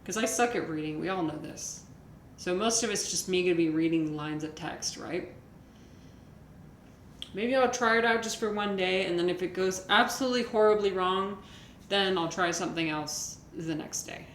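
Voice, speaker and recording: A woman's voice: lowish voice, normal speed. A woman streamer, chatting casually with viewers in a rambling way, full of fillers and restarts. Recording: echoey room with faint noise.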